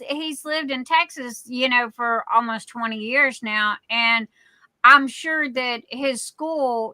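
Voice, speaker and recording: Slow-talking Cajun woman with a bright voice. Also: fairly high pitch, no echo, rough recording. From Louisiana. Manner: rambling, many fillers and restarts. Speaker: livestream host. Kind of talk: casual live chat.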